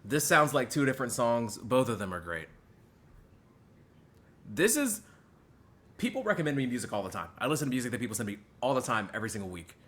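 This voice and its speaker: Animated young man reacting to music. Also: medium pitch, a little fast, long pauses. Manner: animated, chatty, leans heavily on "like". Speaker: music reviewer and streamer. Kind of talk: live album reaction.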